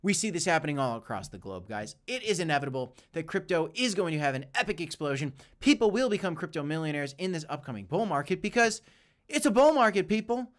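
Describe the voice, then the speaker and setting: A man's voice: a little high, big pitch swings, fast talker, few pauses, a bit bright. A man hosting a casual livestream with commentary and Q&A, hyped and chatty, often calling out to "guys". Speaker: crypto channel host.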